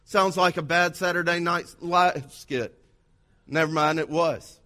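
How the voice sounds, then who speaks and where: High-voiced man preaching a sermon. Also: steady tone, measured pace, bright, forceful tone. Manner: preaching with dramatic acted-out quotes. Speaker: pastor.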